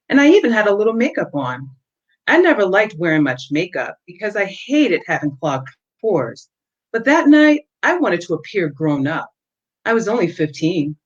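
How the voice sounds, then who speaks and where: A woman author reading her own novel aloud on a livestream, with steady, expressive storytelling. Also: fairly low pitch. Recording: dull lo-fi audio.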